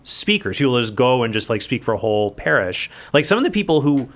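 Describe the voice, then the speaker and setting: A man's voice: medium pitch, very animated, fast, fairly bright tone. A man in his forties, a guest on a radio talk show, chatting in a rambling way with many restarts. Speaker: guest speaker. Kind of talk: casual radio guest chat.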